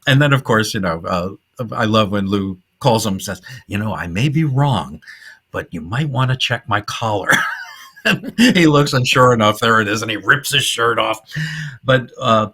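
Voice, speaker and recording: A man's voice: fairly low pitch, sharp tone. A middle-aged man hosting a podcast, casually and enthusiastically retelling old comedy film scenes and laughing often. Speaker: podcast host.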